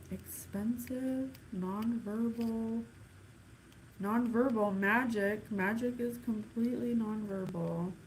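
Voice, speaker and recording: A woman doing a casual psychic reading in a slow, unhurried voice, sighing and thinking aloud as she goes. Her voice sits a bit on the high side. A faint hiss of noise runs under the recording. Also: a little mellow, low-quality recording. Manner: slow, halting, counts things off one by one. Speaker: psychic reader. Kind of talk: casual spirit reading to camera.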